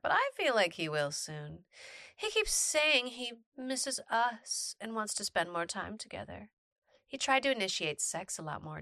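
Bright, lively woman reading a story. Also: a little high, no echo, studio quality. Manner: animated, playful reactions between readings. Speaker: storytime narrator reading posts. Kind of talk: reading a post aloud with commentary.

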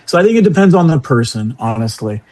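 A man's voice: medium pitch, sing-song, fast, a little mellow. A man with a New York accent chatting casually on a podcast, meandering and correcting himself as he talks enthusiastically. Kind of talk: casual chat.

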